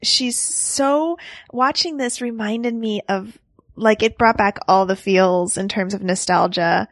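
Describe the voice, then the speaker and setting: A woman in her thirties talks movies with a friend on a podcast, her voice carrying a light gravelly fry. She rambles happily, laughs a lot and restarts her sentences. The recording is dry and close. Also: mid-range voice, takes it slowly, no room sound. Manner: chatty, laughs often, trails off and restarts. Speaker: podcast co-host. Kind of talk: casual movie chat.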